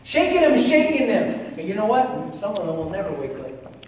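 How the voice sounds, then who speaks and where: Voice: mid-range voice, brisk, a little hiss or hum. Echoey, distant church preacher. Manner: animated preaching with sudden shouted bursts; conversational storytelling with asides. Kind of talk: sermon. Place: church sanctuary. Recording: echoey church hall, voice far from the mic.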